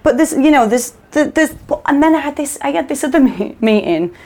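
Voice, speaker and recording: A woman's voice: high voice, a little fast. A woman actor, chatting as a podcast guest and acting out her own anxious inner voice as she tells stories. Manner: animated storyteller, restarts and acts out her inner voice. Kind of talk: casual interview chat.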